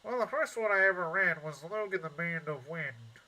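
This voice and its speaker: A man's voice: fairly high pitch, lively intonation, moderate pace, bright, forceful tone, low-quality recording. A man voicing an earnest, bookish young male knight in a nasal put-on voice, reading game dialogue aloud. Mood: eager.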